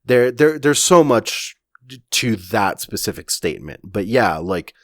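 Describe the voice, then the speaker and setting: Slow, low-voiced man chatting on a podcast. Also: big pitch swings, no room sound, studio quality. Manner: slow, halting, many fillers and restarts. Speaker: podcast co-host. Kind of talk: casual chat, recapping a comic chapter.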